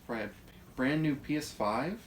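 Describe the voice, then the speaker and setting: A young adult man reading a card aloud, low-key and hesitant. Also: lively intonation, normal speed, slight background noise. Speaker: gift recipient.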